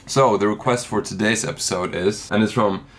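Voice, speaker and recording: A man's voice: fairly low pitch, moderate pace, a bit bright. Goofy Swedish guy making beats. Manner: goofy, jokey and candid. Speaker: music producer and YouTuber. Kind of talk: casual beat-making vlog.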